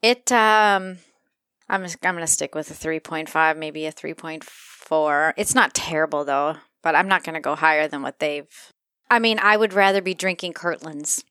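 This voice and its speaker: A woman's voice: deep voice, moderate pace, bright, forceful tone, smooth, dry recording, studio quality. A woman co-hosting a podcast, chatting in an easygoing, teasing way while rating wine. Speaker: podcast co-host. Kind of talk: casual wine-tasting chat.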